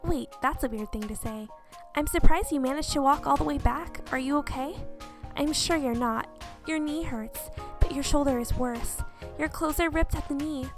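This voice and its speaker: High-voiced woman reading a game aloud. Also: normal speed, music in the background. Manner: expressive, reacting with gasps and exclamations. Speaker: gameplay video host.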